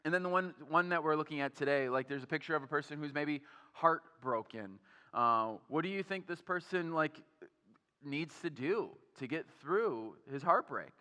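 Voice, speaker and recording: A young man and pastor giving an energetic, conversational sermon, often turning to the audience with questions and filler words. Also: a little high, normal speed, clean tone, in a large hall. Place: church auditorium.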